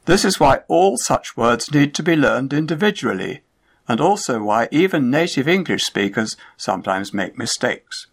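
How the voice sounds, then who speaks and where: A man giving a scripted pronunciation lesson, enunciating each example word in a slow, measured way. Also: mid-range voice, big pitch swings, vocal fry. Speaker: pronunciation teacher. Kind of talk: scripted instructional narration.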